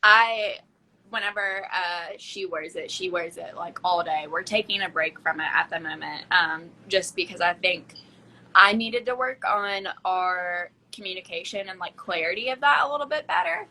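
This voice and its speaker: A chatty woman hosts an easygoing conversation, her voice bright and forward. She talks loosely, leaning on plenty of fillers as she goes. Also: lowish voice, moderate pace, poor audio. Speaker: podcast host. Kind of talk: casual chat.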